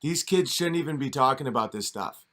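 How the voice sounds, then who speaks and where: A man's voice: mid-range voice, expressive, brisk, fairly bright tone. A man giving a mocking, sarcastic comedic commentary rant while reacting to a video.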